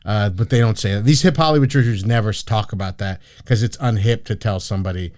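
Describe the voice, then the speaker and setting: A man's voice: lowish voice, fast, a little mellow, no echo, studio quality. Joking man telling stories on a podcast. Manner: joking, profane, storytelling with laughs. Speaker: podcast host. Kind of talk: casual podcast chat.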